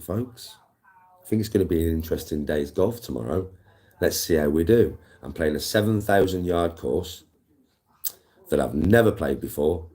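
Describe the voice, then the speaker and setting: A man's voice: a bass voice, warm tone. A man, chatting casually on a live stream, swearing freely and greeting viewers. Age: 40s. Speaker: livestreamer.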